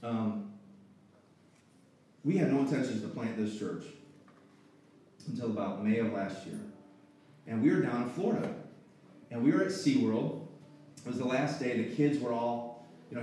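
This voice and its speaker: A man in his thirties, a pastor, telling a personal story in a sermon with earnest emotion and halting restarts. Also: medium pitch, a little mellow, slight background noise. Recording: echoey hall, voice far from the mic, faint music.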